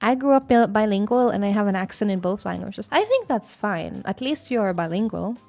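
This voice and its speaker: A young woman with a southern Swedish accent, chatting casually on a stream, reading chat aloud and musing with fillers and soft laughs. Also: mid-range voice, very animated, normal speed, gravelly, faint music behind. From Sweden.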